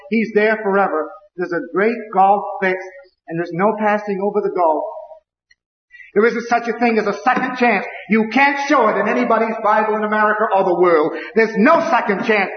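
A man preaching a fiery, emphatic sermon with lots of repetition, heard in a large, echoing hall on a dull, lo-fi recording. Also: high-pitched.

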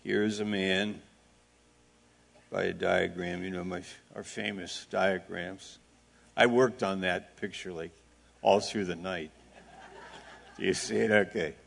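Slow, gravelly-voiced male preacher. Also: deep voice, steady tone. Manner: slow, deliberate preaching with rhetorical questions; plain-spoken, with asides and audience back-and-forth. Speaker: pastor. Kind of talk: sermon.

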